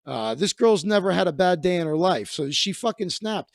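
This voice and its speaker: A man's voice: high voice, expressive, moderate pace, vocal fry, dry recording, clean studio sound. A comedian hosting a livestream, a man telling stories in casual, rambling, profane chat with many restarts.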